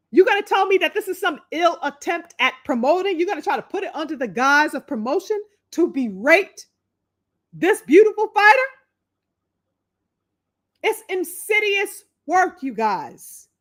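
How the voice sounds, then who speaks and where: A woman with a slightly high voice hosts a casual livestream. She talks straight to her viewers. Her delivery is animated, emphatic and openly profane. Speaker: boxing talk show host.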